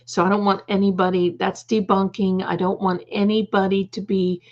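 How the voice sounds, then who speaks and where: A woman's voice: mid-range voice, level tone, moderate pace, lo-fi sound. A woman hosting a live stream from home, chatting casually with viewers and calling them darling. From United States. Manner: affectionate, calls viewers darling. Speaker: livestream host. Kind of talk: casual live chat reading comments.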